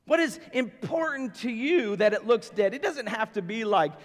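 A man's voice: extremely high pitch, expressive, moderate pace, big-room sound. A man preaching a sermon as pastor, conversational and emphatic, often acting out how people would react. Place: church sanctuary.

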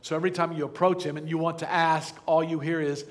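A man's voice: a little high, steady tone, fast, hardly any pauses, fairly bright tone, long reverb tail. A man preaching a sermon as pastor, earnest and pleading, often asking the congregation questions. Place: church sanctuary.

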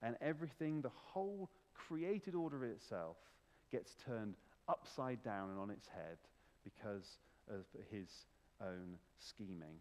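A man's voice: fairly low pitch, lively intonation, unhurried, darkish tone, big-room sound. A man preaching a sermon as pastor, emphatic and full of rhetorical questions. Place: church.

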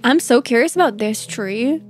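A woman's voice: fairly high pitch, lively intonation, normal speed. A woman streaming a game in casual commentary, bubbly and gushing, laughing often. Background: faint game music.

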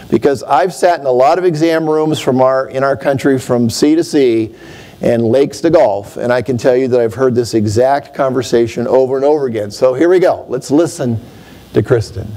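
A middle-aged man, an optometrist, giving an animated conference talk and telling stories to make his points. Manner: animated storyteller, swings pitch for emphasis.

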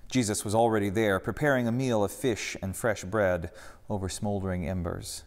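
A man narrating a story in an expressive, storytelling way during a church service. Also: fairly low pitch, normal speed, big-room sound. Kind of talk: scripted narration.

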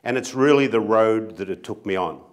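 A middle-aged Australian man giving an earnest, gently self-mocking speech to an audience as a company chief executive. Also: on the low side, moderate pace. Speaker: company CEO speaker.

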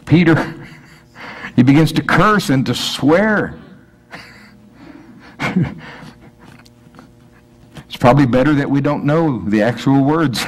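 A man's voice: medium pitch, animated, takes it slowly, long pauses. A man preaching a sermon in a church, reading scripture aloud and explaining it conversationally, acting out the speakers' lines. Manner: conversational, acts out voices, breaks into laughter.

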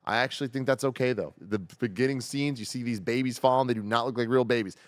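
A man co-hosting a casual movie review podcast, talking with animated enthusiasm and getting loud on the high points. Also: fast, dry recording. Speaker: podcast co-host.

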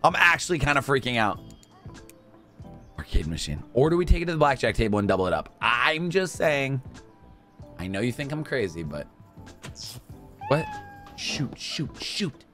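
Excitable young man, wildly swinging pitch. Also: normal speed, pauses often, soft background music. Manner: excitable, talks to himself and in-game customers, swings from mumbling to shouting. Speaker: gaming YouTuber. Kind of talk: casual gameplay commentary.

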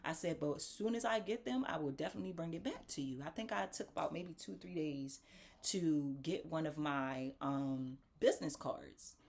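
A talk show host with a deep voice tells viewers a casual story at normal speed, animatedly acting out the voices of the people involved and addressing them directly as "y'all." There's a little hiss or hum in the audio.

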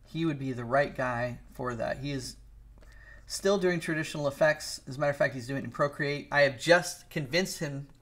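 A man's voice: medium pitch, moderate pace, fairly bright tone. A middle-aged man streaming live as an animator, chatting casually and rambling while he draws, greeting and teasing viewers by name. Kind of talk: casual livestream chat while drawing.

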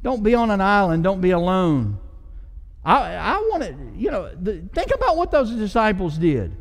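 A male pastor delivers a sermon with a fairly high voice that swells with passion and then settles into casual asides. The sound rings with the long reverb of a church sanctuary. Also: sing-song, normal speed. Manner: passionate preaching with conversational asides.

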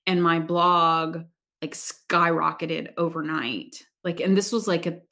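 A woman guest on a podcast, speaking thoughtfully with hesitant pauses and fillers. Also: low-pitched, steady tone, pushed and bright. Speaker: podcast guest, energy healer. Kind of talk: casual conversational interview.

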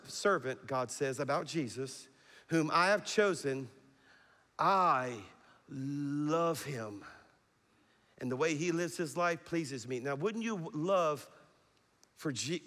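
Middle-aged male pastor, animated sermon, slightly high voice, big hall reverb. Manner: animated preaching with call-and-response. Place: large church hall. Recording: long reverb of a large hall.

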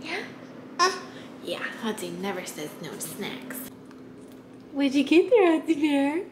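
A woman's voice: high voice, very animated, unhurried. A woman filming a family vlog at home, talking with her toddlers in a sing-song, cooing voice. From Southern California. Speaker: mother and family vlogger. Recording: echoey room with clear background noise.

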